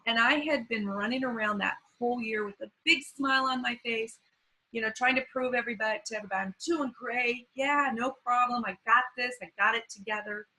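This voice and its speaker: A woman in her fifties, a podcast guest, telling an emotional personal recovery story in a halting, earnest way with many fillers. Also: fairly high pitch, pushed and bright, low-quality recording.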